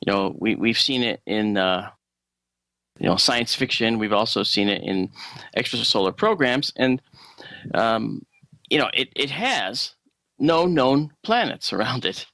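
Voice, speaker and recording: A man's voice: medium pitch, lively intonation, a little slow, pushed and bright, no echo. A man, an astronomer guest, explaining in casual chat, with many fillers and easy laughs.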